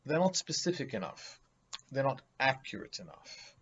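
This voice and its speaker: A man's voice: mid-range voice, very animated, moderate pace, a bit bright, highs cut off, slight background noise. A man giving a vocabulary lesson, speaking emphatically and theatrically, mocking vague words with acted examples. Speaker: teacher.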